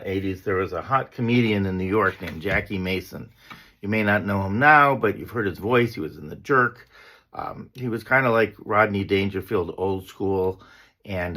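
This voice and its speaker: A man in his sixties, a screenwriter, casually telling a story to camera in a relaxed, rambling way with lots of fillers. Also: fairly low pitch.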